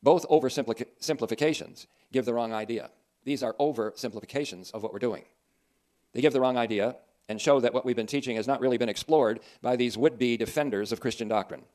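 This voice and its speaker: A man's voice: medium pitch, a little fast, a little mellow. A man preaching a sermon in an earnest, emphatic way, with dry asides.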